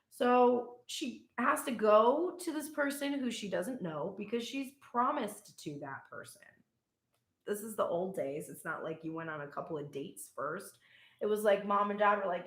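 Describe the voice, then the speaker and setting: A woman's voice: medium pitch, expressive, moderate pace, a bit bright. Irreverent woman reading tarot, echoey room. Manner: irreverent, profane, laughing storyteller. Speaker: tarot reader. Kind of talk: casual spiritual reading.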